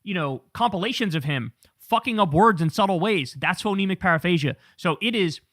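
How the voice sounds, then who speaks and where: A man's voice: sits high, expressive, fairly quick, fairly bright tone, dry recording, clean studio sound. A man hosting political commentary, talking casually in a blunt, profane and incredulous way.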